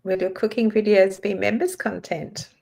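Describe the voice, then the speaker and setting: A woman co-hosting a live Q&A reads viewer comments out loud in a plain, steady way. Her pitch sits in the middle range. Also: moderate pace, creaky. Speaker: co-host reading viewer comments. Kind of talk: live Q&A chat.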